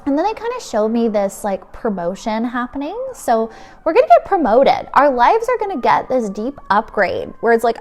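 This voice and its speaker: A woman with a high, bright-toned voice delivers a channeled energy forecast. She talks in a gushing, emphatic way, slipping into excited inner-thought asides with sudden gasps. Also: fairly quick, faint music behind. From Canada. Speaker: spiritual energy reader.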